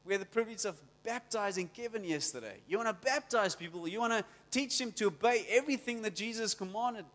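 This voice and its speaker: A man preaching a sermon as pastor, energetic and story-driven, with frequent restarts. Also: sits high, fast talker, few pauses, big-room sound.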